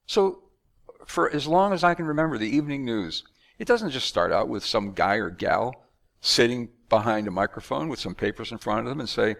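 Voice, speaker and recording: A man from the United States talking in a conversational monologue, animated and acting out announcers and magicians. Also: medium pitch, normal speed, vocal fry. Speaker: speaker.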